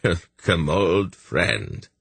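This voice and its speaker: A man doing a gruff old sorcerer. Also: deep voice, big pitch swings, extremely slow, a bit bright, no room sound, heavily acted. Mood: wry. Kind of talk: audiobook character voice.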